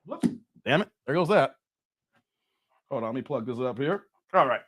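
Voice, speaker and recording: A man hosting a casual livestream, animated and laughing often as he talks straight to his viewers. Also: mid-range voice, normal speed, no room sound, studio quality. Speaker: channel host.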